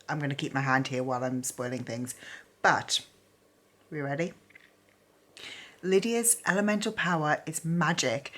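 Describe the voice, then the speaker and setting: A woman talking casually as a book vlogger, gushing and chatty with lots of fillers. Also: sits low. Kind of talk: casual reading vlog.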